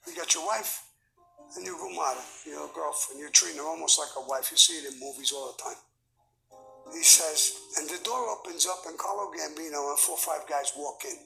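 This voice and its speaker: A man's voice: a little high, a little fast, creaky, soft background music, poor audio. A man in his seventies, a guest in an interview, telling blunt, profane stories with lots of energy. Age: 70s. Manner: profane, blunt, animated storyteller. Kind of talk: candid storytelling interview.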